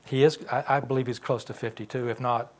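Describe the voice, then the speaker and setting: A man's voice: mid-range voice, fairly even intonation, quick pace. Conversational man teaching a Bible class. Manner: conversational, asks the class questions. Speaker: Sunday school teacher. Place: church classroom.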